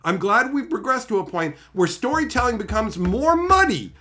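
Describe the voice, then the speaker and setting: Male channel host, fairly high voice that swoops a lot, sarcastic profane rant. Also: big pitch swings, moderate pace, sharp tone. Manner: heated, sarcastic, swears constantly; mocking voices of imagined critics.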